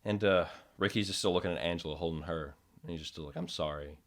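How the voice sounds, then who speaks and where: A man with a very low voice chatting casually on a podcast. He rambles and restarts, and now and then drops into a hushed voice to act out a scene. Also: quick pace. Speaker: podcast co-host. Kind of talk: casual chat about horror films.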